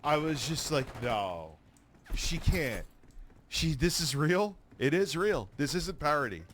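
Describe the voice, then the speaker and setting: A man's voice: on the high side, very animated, slow, a bit bright. Mocking, swearing streamer man. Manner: mocking, sarcastic, swears freely. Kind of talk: profane reaction rant. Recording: noisy stream capture.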